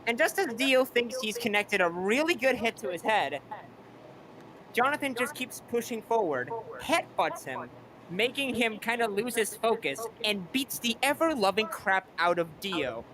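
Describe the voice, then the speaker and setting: A woman's voice: on the high side, big pitch swings, a little slow, a crowd in the background, poor audio. A woman eagerly recapping an anime plot in close detail during casual chat. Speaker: co-host.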